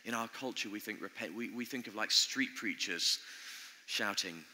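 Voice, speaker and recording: A man preaching a sermon in an earnest, conversational way, pausing often as he speaks in a church. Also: fairly low pitch, sharp tone. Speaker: pastor. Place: church building. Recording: long church reverb.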